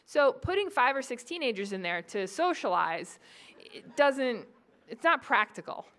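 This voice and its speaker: A woman in her forties from New England gives a conference lecture in a high-ish voice. She keeps the audience engaged with lively, joking asides. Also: a little slow. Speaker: psychology professor giving a talk.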